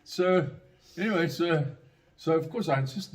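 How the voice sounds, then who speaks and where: A man's voice: mid-range voice, expressive, quick pace, a little hiss or hum. An older man telling a casual, rambling anecdote, full of fillers, restarts and chuckles. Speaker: storyteller.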